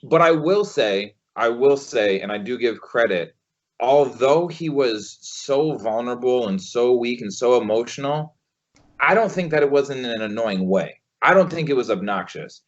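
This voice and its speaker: A man co-hosting a casual podcast, talking haltingly with many fillers and some swearing. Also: mid-range voice, expressive. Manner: halting, filler-heavy, profane. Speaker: podcast co-host. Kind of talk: casual chat. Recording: dull lo-fi podcast audio.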